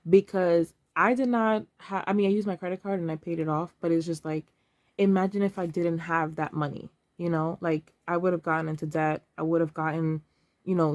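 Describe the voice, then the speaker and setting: A woman's voice: low-pitched, darkish tone, no echo. A woman in her thirties, talking casually and emotionally to camera while counting cash aloud. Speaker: vlogger.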